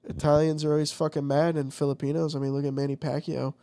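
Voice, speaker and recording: Gravelly, profane man telling stories. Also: on the high side, fast. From United States. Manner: profane, rambling, animated storytelling. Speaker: vlogger. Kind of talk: casual chat.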